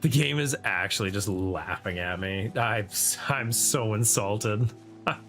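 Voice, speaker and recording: Slow, profane man narrating gameplay. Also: lowish voice, a bit bright, faint music behind. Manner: loose, profane, talking to himself. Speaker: gaming streamer and server host. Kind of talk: casual gameplay commentary.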